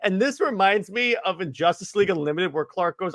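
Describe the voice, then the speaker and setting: A man's voice: sits high, animated, a little fast, few pauses, fairly bright tone. A man co-hosting a casual comic book podcast, enthusiastic, laughing often and tripping over his words. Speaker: podcast co-host.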